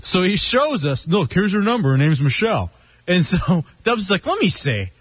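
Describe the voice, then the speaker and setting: A man's voice: high-pitched, sing-song, normal speed, a bit bright, slightly rough, no room sound. A man hosting a radio show, telling stories and teasing his co-workers. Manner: teasing, storytelling. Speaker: radio host. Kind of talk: radio banter.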